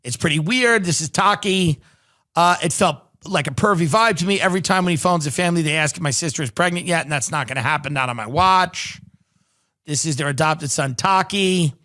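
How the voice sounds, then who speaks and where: Sardonic male comic host, thirties, reading news aloud and riffing; high, bright voice. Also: brisk. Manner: sardonic, reads news articles aloud and riffs on them. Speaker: podcast host. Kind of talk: comedic commentary.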